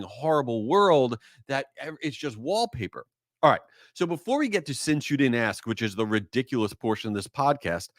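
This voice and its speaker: Animated male podcast host, lively pitch. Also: no echo, studio quality. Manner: animated storyteller, rises high for excited bits. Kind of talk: casual podcast monologue.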